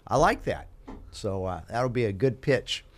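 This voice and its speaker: A man's voice: fairly low pitch, animated, unhurried. A man hosting a radio talk show, chatty and friendly, joking with guests and leading into breaks. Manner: friendly, chatty host with jokes and interjections. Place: radio studio.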